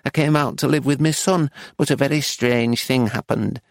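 A man's voice: medium pitch, fairly even intonation, normal speed, vocal fry, no echo, clean studio sound, natural voice. Man doing a chatty old Northern Englishwoman. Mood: matter-of-fact. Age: older. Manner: bright, matter-of-fact, chatty. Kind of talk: audiobook reading.

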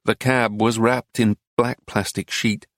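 A man reading a travel narrative aloud in a measured, unhurried audiobook style on a close mic. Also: fairly low pitch, flat delivery, dry recording. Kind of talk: scripted narration.

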